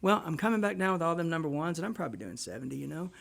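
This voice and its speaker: Fast-talking gravelly man. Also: fairly high pitch. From Texas. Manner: animated, rambling storyteller. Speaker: guest musician. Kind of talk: casual storytelling on radio.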